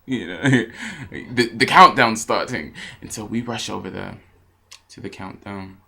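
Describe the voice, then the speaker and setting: A man's voice: lowish voice, measured pace, gravelly, sharp tone. A man co-hosting a comedy vlog, telling stories in a rambling, profane, giggly way. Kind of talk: casual storytelling.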